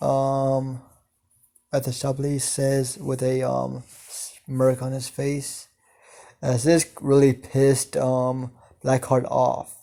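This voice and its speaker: A man narrating an improvised fan story, slow and halting with many ums and casual swearing. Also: medium pitch, completely flat delivery, vocal fry, mellow.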